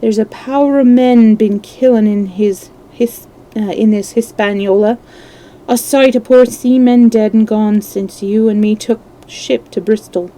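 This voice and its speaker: A woman's voice: a little high, steady tone, measured pace, dark tone, close to an everyday voice, low-quality recording. Woman putting on a sly old pirate coxswain. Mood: sly, wheedling. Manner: rough sailor dialect, drawling and sly. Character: wounded scheming old male pirate coxswain.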